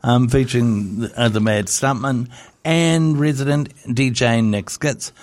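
A man's voice: mid-range voice, a little slow, a little mellow. A man hosting a casual radio chat, giggling and tripping over words as he reads out entertainment news. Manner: giggly, chatty, stumbles over words while reading. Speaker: radio host.

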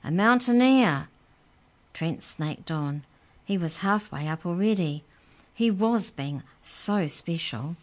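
A woman reading a children's story aloud in a calm, measured way. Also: low voice.

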